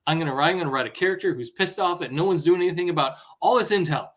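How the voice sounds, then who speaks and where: A man speaking as a guest in a casual podcast conversation, telling animated stories and acting out what people said. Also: on the high side, rapid-fire. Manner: animated storyteller who acts out dialogue. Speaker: guest, former intelligence analyst.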